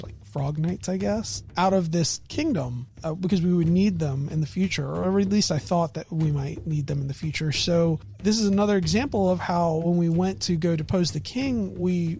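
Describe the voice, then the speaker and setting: Man casually retelling a game session. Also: high voice. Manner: animated recounting of a game session, laughs often. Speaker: miniature painting vlogger. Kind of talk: casual storytelling.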